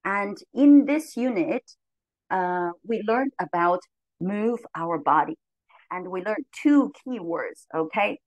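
A woman leading an English lesson for very young learners, cheerful and slow, her voice jumping high on the commands. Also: animated, dry recording, poor audio. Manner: cheerful, slow and clear, with big pitch jumps on commands. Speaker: teacher trainer leading a model lesson. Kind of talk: lively classroom teaching to young children.

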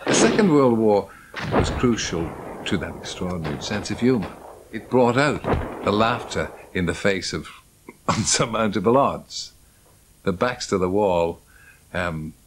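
A man's voice: sits low, slight background noise, rough recording. A man giving fond, reflective commentary in a documentary interview, chuckling now and then.

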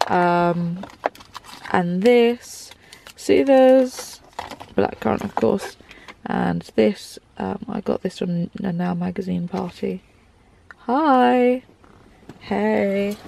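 A woman's voice: lowish voice, vocal fry, a little mellow, slight background noise. A woman vlogging from inside her car, chatting and gushing with lots of ums. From England. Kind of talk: casual car tour vlog.

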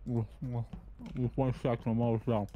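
A man's voice: medium pitch, little pitch movement, normal speed, narrow, tinny audio, a little hiss or hum. A young man in a casual gaming voice chat, talking while eating and explaining things in a laid-back way. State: talking with food in his mouth. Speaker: streamer playing with friends.

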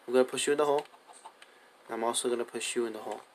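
A man's voice: mid-range voice, fairly even intonation, rapid-fire, a little hiss or hum. Young male gaming host, casual, rambling playthrough chatter, mid-range voice. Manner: chatty, coaxing animals with repeated commands. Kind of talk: casual gameplay commentary.

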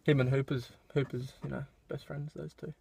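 A man's voice: medium pitch, flat delivery, moderate pace, creaky, warm tone, slightly rough. A young man in casual interview chat, laid-back and mumbling his asides. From Australia. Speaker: footballer guest.

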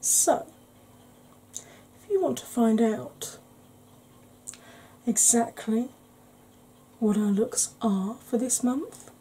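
A woman hosting a makeup tutorial, chatting in a rambling, conversational way and sometimes dropping into a soft whisper. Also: a little high, lively intonation, extremely slow, pauses often, husky, poor audio. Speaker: beauty channel host.

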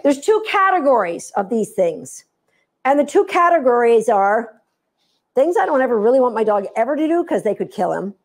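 A woman dog trainer giving an instructional talk, animated and playful as she tells stories. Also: high-pitched.

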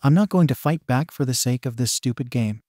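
A man's voice: mid-range voice, brisk, a little mellow, no room sound, clean studio sound, natural voice. A man voicing a determined teenage boy training to be a hero, speaking firmly and matter-of-factly.

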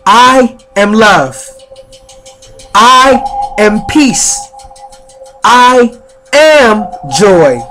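A man leading guided spiritual affirmations in slow, repetitive, chant-like phrases. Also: extremely high pitch, a bit bright. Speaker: spiritual speaker.

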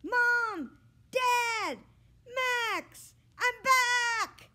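A woman voicing a small, eager male dog who squeals his lines in a very high voice. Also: sing-song, takes it slowly, exaggerated voice. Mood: excited. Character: lost little male dog, cheerful and eager.

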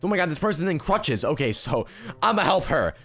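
A man's voice: fairly high pitch, big pitch swings, brisk, fairly bright tone. A young man joking and rambling through casual gameplay commentary, with frequent restarts. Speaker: gaming YouTuber.

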